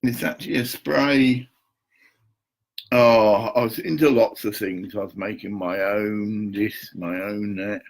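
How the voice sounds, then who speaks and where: An older man with a gravelly, husky voice talks slowly to camera from his home. He rambles, mutters half to himself and swears now and then. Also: lowish voice, fairly even intonation, low-quality recording. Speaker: vlogger.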